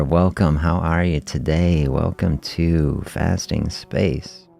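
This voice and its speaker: A middle-aged man hosting a fasting health podcast, telling a story in a relaxed, reflective way and chuckling often during a casual livestream. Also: a bass voice, creaky, soft background music.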